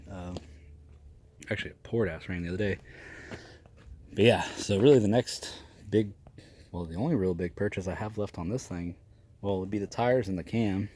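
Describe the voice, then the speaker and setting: A man's voice: fairly low pitch, warm tone, a little hiss or hum. A man, telling a casual, profane, rambling story about old cars. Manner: profane, rambling, laughs often. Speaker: garage vlogger.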